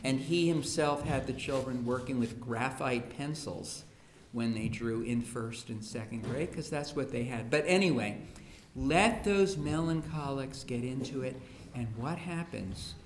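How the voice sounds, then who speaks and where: In a school hall, a man with a medium-pitched voice gives a funny talk on education at a measured pace with few pauses, acting out parents' and children's voices as he tells his stories. The room is echoey, with a faint hiss on the recording.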